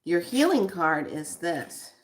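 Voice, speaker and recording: A woman giving a guided spiritual card reading, slow and reflective, repeating her questions to the listener. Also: fairly low pitch, big pitch swings.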